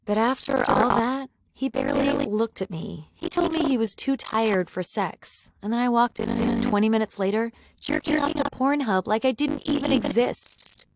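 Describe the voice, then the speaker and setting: A woman's voice: on the high side, expressive, moderate pace, creaky, hardly any pauses, background noise. A woman voicing a frustrated married female friend who complains about her husband. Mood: complaining.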